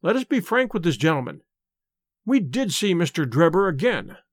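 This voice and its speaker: A composed young woman speaks plainly and firmly, voiced by a male reader. The voice sits fairly high with lively movement, recorded dry and close. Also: moderate pace, dry recording. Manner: calm, clear, firm. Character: calm, firm young woman, the daughter.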